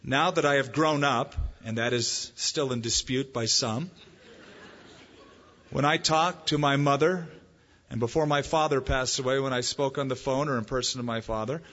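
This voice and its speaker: A man preaching a sermon as pastor, in a conversational style with lively emphasis. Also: mid-range voice, moderate pace. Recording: muffled, echoey hall.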